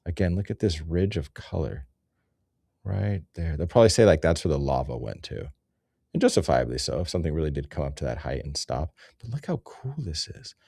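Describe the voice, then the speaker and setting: A deep, gravelly man rambles through nature photos in a loose, profane comedic commentary, wandering off topic as he goes. His voice is dark and relaxed but swings lively up and down. The sound is close and dry, with no room around it. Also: brisk, dry recording. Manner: loose, profane, easily sidetracked, bursts into sing-song. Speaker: host.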